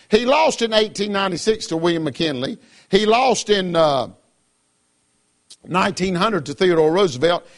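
High-voiced fervent preacher. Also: male voice, fairly bright tone. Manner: fervent, calls for "Amen?" from the congregation. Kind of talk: sermon.

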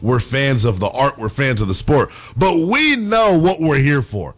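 A man hosting a sports talk show, chatting in an animated, excitable way about the playoffs. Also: medium pitch, unhurried.

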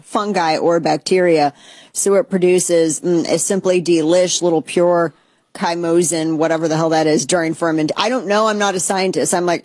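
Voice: mid-range voice, normal speed, dry recording. Sarcastic rambling vlogger, dry sound. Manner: sarcastic, rambling, animated asides. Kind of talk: casual commentary.

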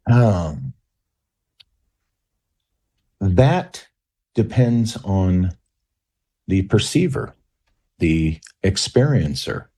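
A male guest author talks through ideas on a radio call-in show, stopping and restarting often. His voice is low and warm, with a husky grain. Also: sing-song. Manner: halting, many restarts and fillers. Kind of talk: talk radio interview.

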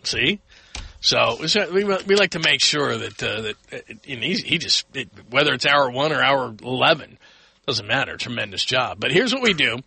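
A man's voice: medium pitch, animated, normal speed, gravelly, sharp tone. A man hosting a late-night sports radio show from a studio, chatting loosely with plenty of fillers and restarts. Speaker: radio sports talk host.

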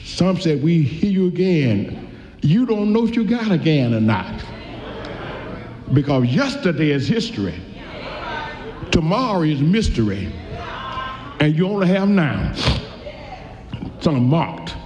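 A man preaching a sermon in a folksy way, reading scripture slowly and then rushing through his asides. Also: on the high side, very animated, darkish tone. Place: church. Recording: echoey hall, dull lo-fi sound.

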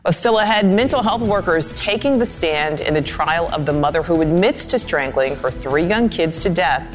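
Crisp, measured woman news anchor. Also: lowish voice, lively intonation, faint music behind. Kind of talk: scripted news reading.

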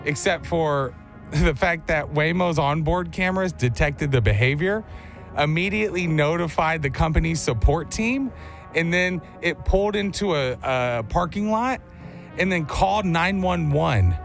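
A man's voice: a little high, a little slow, faint music behind. A man hosting a show in casual chat, telling stories and acting out the voices in them. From Texas. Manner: animated storyteller, acts out quotes. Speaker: radio show host.

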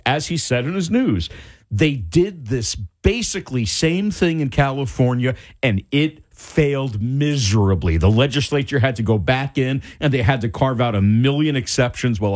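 Radio talk host guy, middle-aged, all over the place pitch-wise, fired up and exasperated. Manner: animated, exasperated ranting. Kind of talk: casual talk radio monologue.

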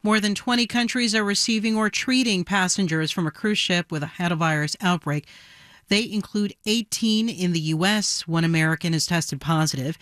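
A man anchoring a radio newscast with a measured, deliberate delivery. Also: high voice, fairly bright tone, dry recording, studio quality. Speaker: news anchor. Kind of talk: newscast reading.

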